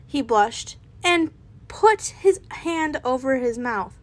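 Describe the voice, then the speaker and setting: A woman's voice: high-pitched, expressive, slow. A young woman reading a fanfiction story aloud in a casual way, with small slips and restarts. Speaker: fanfiction reader.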